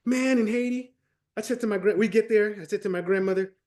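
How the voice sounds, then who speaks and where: A man from Connecticut, an animated and emphatic storyteller, co-presenting a webinar. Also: high voice, a little fast. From Connecticut, USA. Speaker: guest co-presenter.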